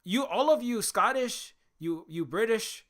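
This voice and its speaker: A man's voice: high-pitched, animated, measured pace, a bit bright. A man voicing a bitter ex-guerrilla fighter in an aggrieved, accusing tone. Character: bitter middle-aged male ex-guerrilla fighter.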